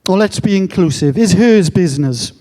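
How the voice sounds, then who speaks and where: High, joking Englishman in a hall. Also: lively intonation, normal speed, warm tone. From England. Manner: joking, self-mocking storyteller. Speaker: speaker. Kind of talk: conference talk. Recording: long hall reverb.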